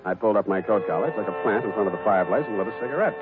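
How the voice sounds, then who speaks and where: An actor playing a dry, wisecracking private eye. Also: male voice, fairly low pitch, animated, racing, over loud music, natural voice. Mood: wry. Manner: dry, wry narration. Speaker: narrator. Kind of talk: 1940s radio acting. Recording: tinny old radio broadcast.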